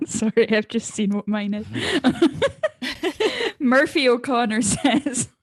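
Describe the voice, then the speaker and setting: A woman's voice: fairly high pitch, sing-song, extremely slow, breathy edge, no echo. A woman co-hosting a podcast, chatting casually and reading out listener comments with frequent laughter. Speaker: podcast co-host.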